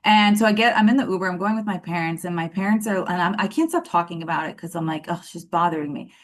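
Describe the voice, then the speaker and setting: A woman in her thirties telling her love story in a casual interview, animated and acting out what people said, with lots of fillers. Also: fairly low pitch, fast talker. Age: 30s. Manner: animated, acts out quoted dialogue, many fillers.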